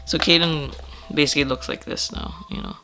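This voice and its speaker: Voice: mid-range voice, fairly even intonation, a little fast, sharp tone, soft background music. An artist casually flipping through a sketchbook, rambling, swearing, laughing often and trailing off, with a slightly stuffy nose.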